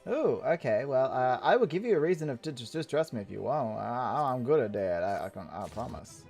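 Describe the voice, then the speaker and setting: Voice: mid-range voice, expressive, a little fast, vocal fry, hardly any pauses, darkish tone, slightly rough, faint music behind. A gamer giving playful, rambling commentary on an online role-playing game, joking and laughing along. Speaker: game streamer. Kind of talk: let's play commentary.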